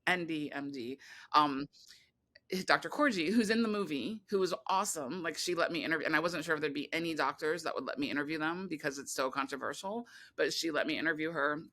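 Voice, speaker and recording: Bright-voiced woman telling a rambling story. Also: low-pitched, brisk. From California. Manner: rambling, animated storytelling with many restarts and fillers. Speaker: podcast guest, filmmaker. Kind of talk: casual interview conversation.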